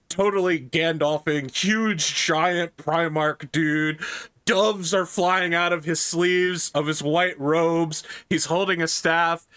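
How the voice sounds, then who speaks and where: A man's voice: fairly high pitch, pushed and bright, clean tone, dry recording, clean studio sound. A man narrating a tabletop role-playing game as game master, casual and vivid, with many "like"s.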